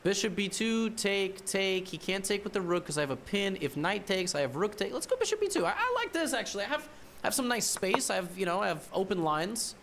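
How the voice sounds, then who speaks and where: A man's voice: high-pitched, very animated, fairly quick, fairly bright tone, slight background noise. A man streaming a chess game, thinking aloud and muttering to himself, repeating words as he works through moves and now and then teasing his opponent. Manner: wry teasing banter at the opponent.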